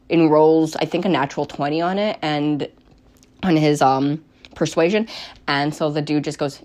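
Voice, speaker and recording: Low-voiced woman rambling through a game recap. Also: fairly even intonation, normal speed, a little mellow. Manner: rambling, full of fillers and restarts. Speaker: game master and storyteller. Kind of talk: casual storytelling while knitting.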